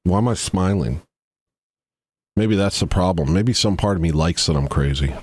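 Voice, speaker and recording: Low-voiced man in a rambling comic monologue. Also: moderate pace, darkish tone, slightly rough, no echo. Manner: self-mocking, rambling, mumbled asides. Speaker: comedy livestream host.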